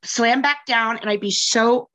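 A woman talking candidly in a casual chat, telling her own stories with lively, acted-out quotes. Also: fairly high pitch, a little slow. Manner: animated storyteller, acts out quotes in raised voice. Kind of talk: candid personal chat about sobriety.

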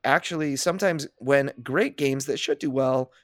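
In clean studio sound with no room noise, a male podcast host talks casually and energetically at normal speed. His voice is mid-range, and he keeps restarting his sentences.

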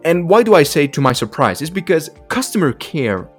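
A man's voice: fairly high pitch, very animated, moderate pace. A man hosting a podcast alone, talking bluntly and emphatically in a casual monologue, full of profanity and repetition, with faint music behind him. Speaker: podcast host.

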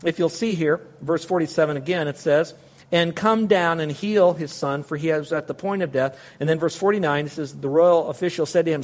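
Guy preaching, fairly high voice, earnest, keeps asking the crowd questions. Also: a little fast. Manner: earnest, speaks straight to listeners with rhetorical questions. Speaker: pastor. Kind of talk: sermon.

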